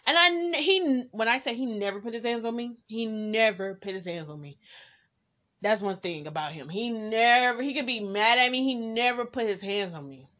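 Brief: young woman, Bay Area accent, podcast host, frank casual storytelling, crisp bright tone. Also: a little high. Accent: San Francisco Bay Area. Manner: candid, animated, speaks straight to listeners.

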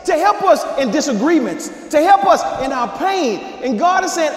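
Male pastor, very high voice, fiery sermon delivery that swings between shouting and quiet asides, reverberant sanctuary sound. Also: very animated, moderate pace, hardly any pauses, a faint crowd. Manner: emphatic preaching, swinging from shouts to low asides. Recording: echoey hall reverb.

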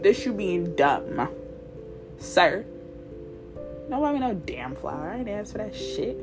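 A woman's voice: mid-range voice, big pitch swings, slow pace, long pauses, over music. A young woman, hosting a show and ranting bluntly and animatedly in slangy casual talk. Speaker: show host. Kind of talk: casual rant to viewers.

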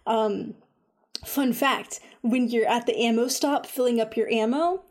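A woman chatting casually about a game she has been playing, full of "like" and "um", animated when she retells her own reactions. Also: on the high side, unhurried. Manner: chatty, lots of fillers like "like" and "um". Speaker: video game reviewer. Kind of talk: casual chat.

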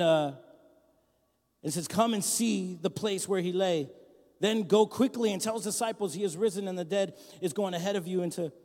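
A man preaching as pastor in a church hall, his high voice carrying a long reverb. He swings between loud, rousing shouts and soft, near-whispered asides. His delivery is lively and conversational. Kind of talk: sermon.

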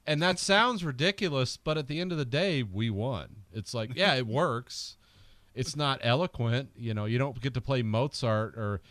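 A man's voice: medium pitch, moderate pace, hardly any pauses, a bit bright, no room sound. A man co-hosting a podcast, chatting casually about a film in a rambling, joking way with lots of fillers. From United States. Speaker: podcast co-host.

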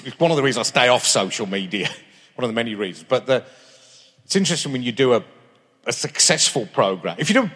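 Here a man in his fifties, medium-pitched with a fairly bright, breathy-edged tone, sits as a guest in a live stage interview. His anecdotes wander, restarting and interrupting themselves. It's captured in a reverberant, large concert hall before a live audience.

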